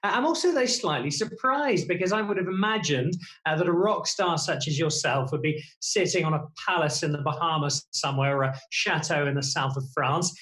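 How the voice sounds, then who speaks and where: A man hosts a remote talk show interview, his voice sitting a little high. He asks lively, jokey questions. The room around him rings with echo. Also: fairly quick, few pauses. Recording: echoey room.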